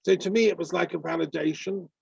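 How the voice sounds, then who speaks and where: A man's voice: on the high side, fairly even intonation, quick pace, gravelly, darkish tone, breathy edge, no room sound. A man talking in an earnest, rambling way, with many ums, in a casual discussion over a video call. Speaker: peace activist on a video call. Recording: dull lo-fi call audio.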